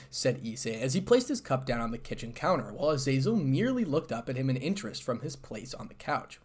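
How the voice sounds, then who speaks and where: A man narrating a fan fiction story aloud with steady storytelling delivery. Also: medium pitch, a little fast, few pauses.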